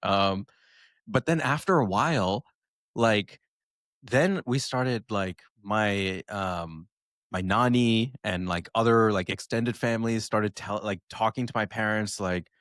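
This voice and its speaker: A man's voice: lowish voice, slow pace, fairly bright tone, no room sound, studio quality. A man co-hosting a podcast, talking casually and hesitantly with many fillers. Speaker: podcast co-host. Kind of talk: casual chat.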